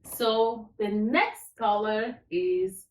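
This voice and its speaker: A woman's voice: on the high side, very slow, roomy sound, recorded from a distance, low-quality recording. A woman teaching a language lesson, upbeat, spelling out words letter by letter. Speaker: French teacher.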